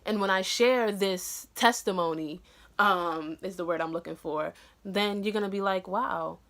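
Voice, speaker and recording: A young woman gives her viewers an earnest pep talk in a casual vlog. Her voice sits at a middle pitch, and she fills the gaps with "um" and "you know". She gets animated in bursts as she talks. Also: moderate pace. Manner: earnest and encouraging, many "um" and "you know" fillers. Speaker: vlogger.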